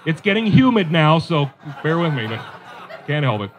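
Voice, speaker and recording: A man's voice: a little high, sing-song, normal speed, background noise. A middle-aged man performing a stand-up comedy set, conversational and self-deprecating, with chatty asides to the crowd.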